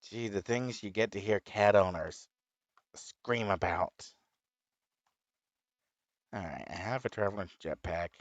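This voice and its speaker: A man chatting casually as he plays a game, rambling with sudden high excited whoops. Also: measured pace, pauses often, dry recording, dull audio. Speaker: gaming streamer. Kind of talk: casual chat while playing.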